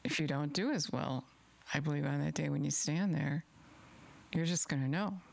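A woman's voice: low-pitched, normal speed, vocal fry, darkish tone. A middle-aged woman preaching an earnest sermon and reading scripture aloud, repeating words for emphasis.

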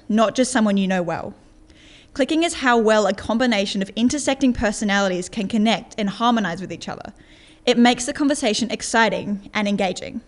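A young woman presenting an award, reading evenly from a prepared script. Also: fairly high pitch.

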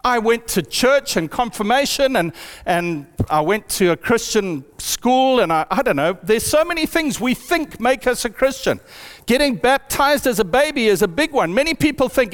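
A man preaching a sermon in a church hall, with animated storytelling. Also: extremely high pitch, moderate pace. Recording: long hall reverb.

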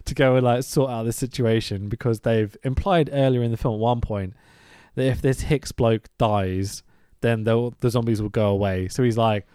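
A man hosting a casual podcast, recapping a film in an animated, sweary rant full of laughs. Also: medium pitch, moderate pace, clean tone, dry recording, studio quality. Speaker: podcast host.

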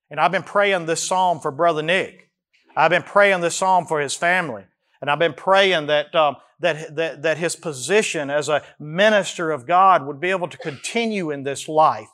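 Emphatic preaching man, fairly high voice. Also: fairly bright tone. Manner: preaching with emphatic rises and slow drawn-out phrases. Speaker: pastor. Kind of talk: sermon.

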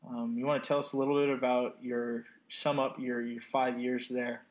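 A man's voice: medium pitch, level tone, moderate pace. A man in his twenties hosting a casual podcast interview from an apartment, joking and teasing his guest. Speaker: podcast host.

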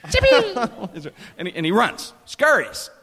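A man telling a comic story in an animated way, laughing often and tripping over his restarts. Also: fairly high pitch, normal speed, long reverb tail.

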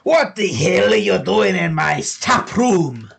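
A man voicing a hostile, foul-mouthed male halfling tavern keeper who shouts and threatens. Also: high voice, sing-song, slow, creaky, husky, pitched above the performer's own voice, heavily acted. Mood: angry.

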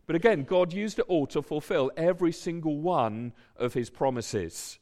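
A preacher speaks with an earnest, conversational warmth that swells into emphatic points. His fairly high voice moves in lively, animated swoops. He sounds like he is talking straight to a congregation. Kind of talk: sermon.

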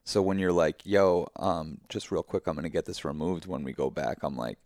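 A man's voice: rumbling low, normal speed, a little mellow, no echo, studio quality. A man in a casual, heartfelt conversation who talks emphatically and effusively, swearing freely and speaking in spiritual terms.

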